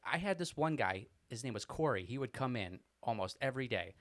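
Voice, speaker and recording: Young male co-host, animated, rambling storytelling chat. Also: mid-range voice, brisk, dry recording. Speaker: podcast co-host.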